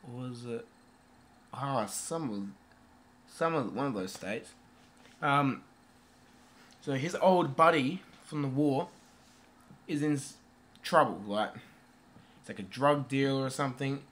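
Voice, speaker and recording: A man talks through a movie review in a loose, unscripted way. He wanders off topic, swears casually and fills gaps with hesitant ums. His voice sits at an ordinary middle pitch. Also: takes it slowly, pauses often, a bit bright. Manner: rambling, swears casually, many fillers.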